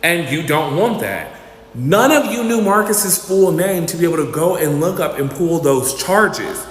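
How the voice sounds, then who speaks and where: His voice sits a little high and he takes his time, acting out quoted people as he dramatically narrates a storytime in a casual, commentary style. The recording has faint noise in an echoey, reverberant space.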